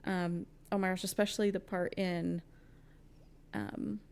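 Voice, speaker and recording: A woman's voice: on the low side, little pitch movement, unhurried, creaky, darkish tone, clear, resonant tone. Giggly gushing young woman. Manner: gushing, giggly, rambling with many fillers. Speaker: podcast co-host. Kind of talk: casual book chat.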